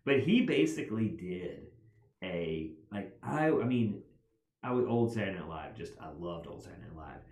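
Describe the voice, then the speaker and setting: A man telling stories as a podcast guest, rambling and animated, with constant "like" fillers. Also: deep voice, normal speed. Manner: rambling, animated, heavy use of "like". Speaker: guest author. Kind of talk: casual podcast storytelling. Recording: roomy echo.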